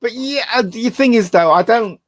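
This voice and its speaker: A man's voice: extremely high pitch, normal speed, no room sound, clean studio sound. A middle-aged man from England chatting casually on a live stream, rambling through anecdotes with restarts. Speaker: guest. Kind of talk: casual chat.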